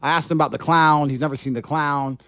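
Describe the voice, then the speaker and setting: A middle-aged man speaks fast in a casual stream chat, with a slightly raised pitch. His deadpan teasing sounds close and dry, with no room around it. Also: no echo. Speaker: guest.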